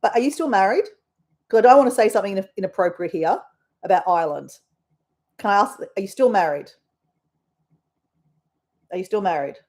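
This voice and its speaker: A woman's voice: medium pitch, lively intonation, a little fast, pauses often, a little mellow. An Australian woman hosting a casual live stream, chatting in a rambling way with her viewers. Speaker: livestream host.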